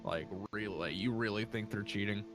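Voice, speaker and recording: A man's voice: lowish voice, moderate pace, over music. A man narrating as game master, easygoing and full of fillers.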